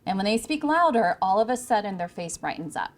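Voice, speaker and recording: A woman's voice: medium pitch, very animated, a little fast. A woman from California giving a projected, emphatic talk to an audience of interns on a microphone in an event room. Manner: projected, emphatic coaching delivery. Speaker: speaker. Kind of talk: presentation to interns. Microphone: handheld or podium microphone.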